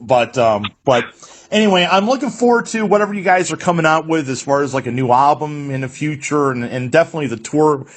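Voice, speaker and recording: A man's voice: a little high, animated, fairly quick, a little hiss or hum. A man hosting a radio interview, chatting casually and telling loose, profane stories full of restarts. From United States. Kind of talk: casual chat.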